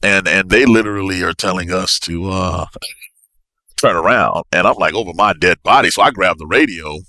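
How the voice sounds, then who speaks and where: A man, a navy officer, telling a story as a podcast guest in an animated, excitable way with bursts of laughter. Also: sits low, moderate pace, no echo. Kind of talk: casual storytelling.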